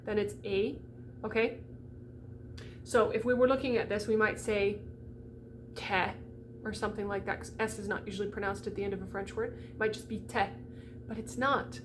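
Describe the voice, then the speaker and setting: A woman's voice: a little high, bright, forceful tone, a little hiss or hum. A woman voice coach giving a chatty diction lesson for singers, often checking in with "okay?" as she goes. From United States.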